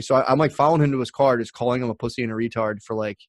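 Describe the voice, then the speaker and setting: A man, a comedian hosting a podcast, telling a profane, animated story in casual chat and acting out the people in it. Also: mid-range voice, very fast, no echo.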